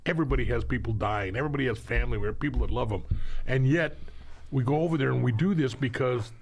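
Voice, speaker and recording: Older veteran, gravelly voice, reflective and laughing storyteller. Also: male voice, mid-range voice, fast, a little hiss or hum. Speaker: podcast guest, veteran. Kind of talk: casual storytelling.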